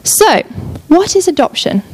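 A woman's voice: very high-pitched, sing-song, unhurried, a little mellow. A young woman preaching a sermon in an enthusiastic, chatty way, often breaking off and restarting her thoughts. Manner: enthusiastic, chatty, self-interrupting.

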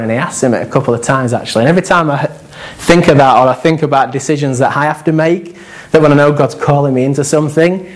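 A man preaching a conversational sermon, animated and joking, with asides to the congregation. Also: fairly high pitch, quick pace, rough recording.

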